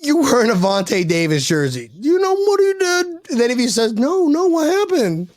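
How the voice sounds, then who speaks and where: High, animated, gravelly podcast host. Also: male voice, brisk, no room sound, clean studio sound. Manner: loud, joking, swears a lot, acts out bits. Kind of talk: casual chat.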